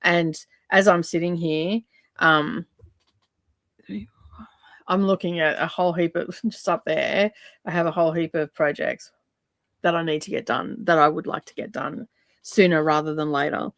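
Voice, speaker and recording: A deep, slightly bright voice belongs to a middle-aged Australian woman streaming her crafting live from her home craft room. The sound is clean studio audio with no echo. She chats in a meandering way, filling gaps with um.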